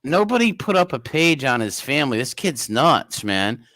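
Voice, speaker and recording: A man's voice: medium pitch, very animated, normal speed, bright, forceful tone, dry recording. Rambling man hosting a livestream. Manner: rambling, reads chat names aloud. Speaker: livestream host. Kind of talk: casual livestream chat.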